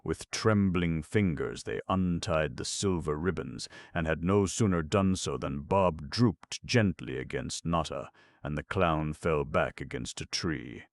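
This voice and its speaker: A male audiobook narrator with a very deep, gravelly voice, reading a storybook steadily and without hurry. The recording is close and dry. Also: a little slow, hardly any pauses, no room sound. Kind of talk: scripted narration.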